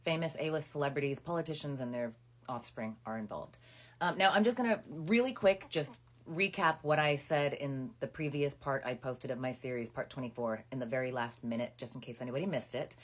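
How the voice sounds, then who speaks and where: Speaking briskly in a deep, low register, a woman in her thirties recaps a personal story to her phone camera in casual storytime fashion. She's indignant and animated, full of asides and fillers, and the recording feels intimate and close, made in a small room indoors.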